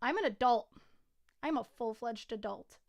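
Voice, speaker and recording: A woman singer-songwriter chatting casually on a livestream, excitable and rambling, with frequent giggles. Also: fairly high pitch, normal speed.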